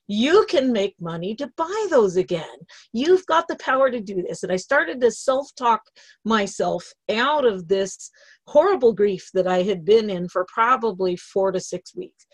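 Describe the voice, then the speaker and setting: A woman's voice: mid-range voice, no echo. A middle-aged woman giving a personal motivational talk, telling her story with emotion and laughter. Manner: emotional, laughing, animated retelling. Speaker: motivational speaker. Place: lives in a travel trailer in Idaho.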